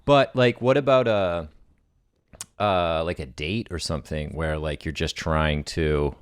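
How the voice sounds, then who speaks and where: A man's voice: rumbling low, a little slow, clear, resonant tone, dry recording, clean studio sound. A young man co-hosting a casual chat, easygoing and thinking aloud as he builds on ideas. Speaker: podcast co-host.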